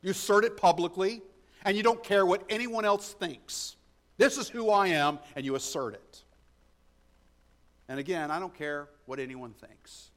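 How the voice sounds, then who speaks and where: Man, pastor, sermon, slightly high voice, repeats phrases, shifts from forceful to hushed. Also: normal speed. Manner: dynamic preaching, swings from loud emphasis to hushed tones; repeats key phrases for emphasis.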